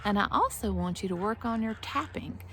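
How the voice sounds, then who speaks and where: A woman's voice: medium pitch, lively intonation, brisk, fairly bright tone, a little hiss or hum. Playful sing-song woman teaching young kids. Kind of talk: children's lesson with counting games.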